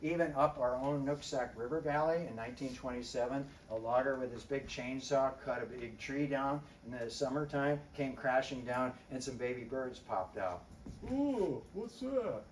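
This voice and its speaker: A man's voice: mid-range voice, steady tone, moderate pace, hardly any pauses. Roomy, distant man lecturing an audience. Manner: conversational, quizzes the audience; clears throat often. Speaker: wildlife biologist giving a public talk. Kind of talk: lively illustrated lecture to an audience. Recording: roomy, distant mic, faint background noise.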